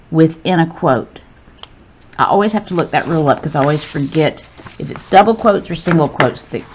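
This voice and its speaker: A woman's voice: on the low side, a little mellow. A woman teacher patiently walking through a recorded grammar lesson step by step.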